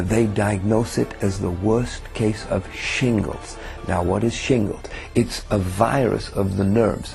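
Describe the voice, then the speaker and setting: A man's voice: lowish voice, gravelly, darkish tone. A man from England giving an earnest personal testimony, telling his story with many fillers. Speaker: testimony speaker.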